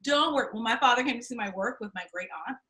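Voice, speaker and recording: A woman's voice: on the high side, fast, sharp tone. A woman teaching an acting class, telling stories emphatically, cursing freely and laughing often. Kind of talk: animated storytelling lecture.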